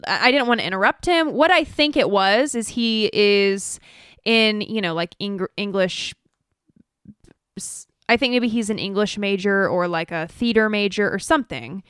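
A woman's voice: medium pitch, normal speed, a bit bright, clear, resonant tone, dry recording. A woman co-hosting a podcast in casual chat, sick and sniffly, giving dry, understated replies. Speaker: podcast co-host.

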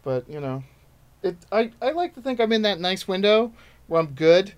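A man's voice: high voice, big pitch swings, moderate pace. A man in his thirties, a stand-up comedian chatting as a podcast guest, telling rambling, self-deprecating stories. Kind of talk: casual podcast chat.

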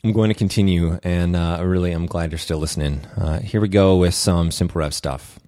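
Candid lower-voiced man hosting a podcast. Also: steady tone, brisk, mellow, no echo, studio quality. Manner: candid, self-reflective, frequent "uh" fillers. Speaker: podcast host. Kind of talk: confessional solo podcast monologue.

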